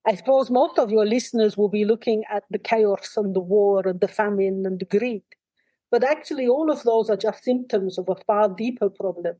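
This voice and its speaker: A woman channelling an ancient, wise spirit in trance, speaking in a calm, measured and dryly wry way, at times in a soft, breathy near-whisper. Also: medium pitch, no room sound, close to an everyday voice, rough recording. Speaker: trance medium.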